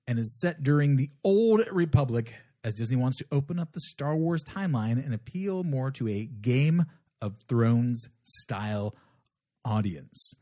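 Playful, lively-voiced woman podcast co-host. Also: extremely low pitch. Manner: playful, teasing, lively, quick to laugh. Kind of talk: casual chat.

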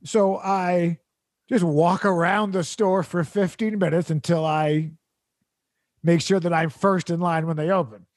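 A man's voice: on the high side, fairly even intonation, unhurried, dry recording. A man hosting a podcast, telling a funny, exasperated story full of sarcasm and laughter. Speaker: podcast host. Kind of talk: comedic storytelling rant.

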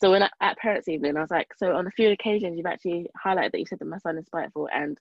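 A woman's voice: fairly low pitch, racing, vocal fry, dry recording, highs cut off. A young woman, a podcast co-host chatting casually and emphatically, acting out what other people said. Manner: animated, emphatic, acts out quoted people. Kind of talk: casual chat.

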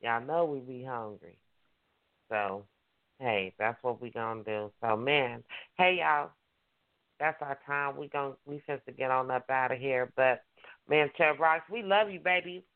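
A man hosts an online radio show, hyped and repetitive, calling out to listeners in call-and-response style during casual talk. His medium-pitched voice is clear and resonant, at a measured pace, though it comes through a tinny phone line.

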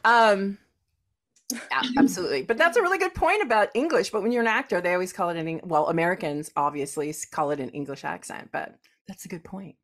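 Woman, California Valley accent, lowish voice, relaxed podcast host, trailing sentences. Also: fast. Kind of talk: casual chat.

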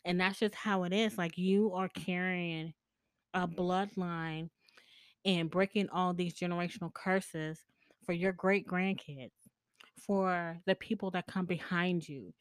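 A woman's voice: lowish voice, steady tone, unhurried, no room sound, clean studio sound. A woman hosting a podcast alone, telling personal stories in a candid, chatty way, laughing often and swearing freely. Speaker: podcast host. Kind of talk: casual storytelling monologue.

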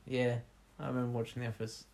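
A man chatting casually as co-host, an animated storyteller who retells comedy routines. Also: medium pitch, fast talker, creaky. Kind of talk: casual chat.

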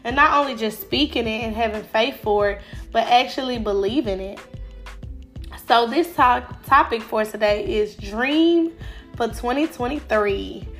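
A woman's voice: on the high side, measured pace, a bit bright, faint music behind. A woman, stuffy from a cold, hosting a faith-based motivational podcast in a casual, encouraging way with many fillers. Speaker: podcast host.

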